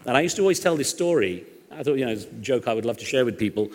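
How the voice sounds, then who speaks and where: A fast-talking middle-aged man, chatting on stage and spinning jokes into his answers. His voice carries the long reverb of a large hall, with an average pitch. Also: expressive. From England. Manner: chatty, joke-telling storyteller. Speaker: guest journalist. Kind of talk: on-stage conversation with anecdotes.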